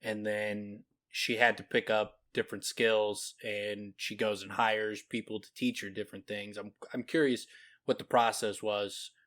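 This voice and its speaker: A man's voice: on the low side, level tone, measured pace, a bit bright. A man co-hosting a podcast, chatting casually about a novel and often trailing off and restarting. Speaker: podcast co-host. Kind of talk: casual book discussion.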